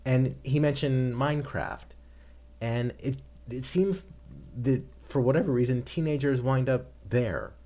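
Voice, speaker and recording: A middle-aged American man hosting a casual online discussion, chatty and relaxed, often restarting his sentences. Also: medium pitch, measured pace. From eastern United States. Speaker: host.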